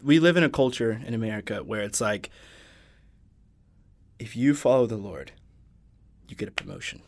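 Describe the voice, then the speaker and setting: A man's voice: fairly low pitch, lively intonation, normal speed. A man in a casual podcast conversation, earnestly quoting and unpacking scripture. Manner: earnest, quotes scripture at length. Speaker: podcast guest. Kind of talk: casual faith discussion.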